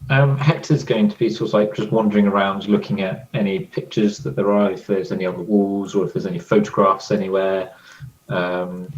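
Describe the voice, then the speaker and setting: A man's voice: on the low side, steady tone, fairly quick, a little mellow, recorded from a distance, dull audio. A man playing a tabletop game, describing his character's moves hesitantly. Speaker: player.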